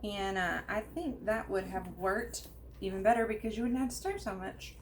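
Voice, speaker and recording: A woman's voice: normal speed, a little hiss or hum. A middle-aged woman casually demonstrating kitchen products to viewers, chatty and upbeat. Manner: chatty, upbeat, lively pitch.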